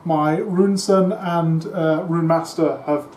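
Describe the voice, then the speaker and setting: A man's voice: fairly high pitch, fairly even intonation, slow pace, darkish tone. Tired rambling man, echoey room. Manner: tired, rambling, self-mocking. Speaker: tabletop wargame player and co-host. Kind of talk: casual battle-report chat. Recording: echoey room with faint hiss.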